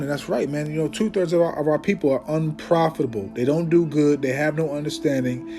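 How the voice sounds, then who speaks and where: A man teaching scripture informally, emphatic and preachy, often tagging his sentences with "man" and "okay?", and slowing down to declaim Bible verses. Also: on the high side, music in the background. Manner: reads Bible verses aloud in a slower, declaiming voice.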